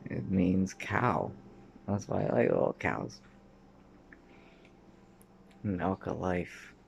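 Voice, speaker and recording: A man's voice: deep voice, expressive, very slow, vocal fry, a little mellow, slight background noise. A man in his thirties from Canada, telling his own memories in a rambling monologue that drifts from one thing to the next, swearing often and sometimes dropping to a mutter. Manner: sometimes drops to a mutter or whisper.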